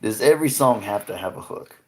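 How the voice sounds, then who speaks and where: Here a livestream host keeps things casual with his audience, frequently laughing and swearing without restraint. He talks briskly and animatedly in a lowish voice.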